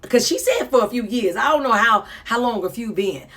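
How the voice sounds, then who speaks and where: Animated woman preaching a reaction. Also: on the high side, brisk. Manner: animated, preachy, laughing asides. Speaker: commentator reacting to a video. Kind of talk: reaction commentary.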